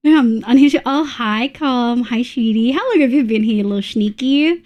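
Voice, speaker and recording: A woman's voice: a little high, unhurried, darkish tone, dull audio. A young Australian woman streaming live, chatting casually and bluntly with her chat while she plays, greeting viewers and humming as she builds.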